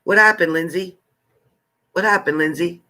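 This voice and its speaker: A chatty man hosting a live tarot stream, his voice sitting a little high and sounding bright and forceful. He talks casually to his viewers, greeting each one by name with familiar, friendly terms. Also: moderate pace.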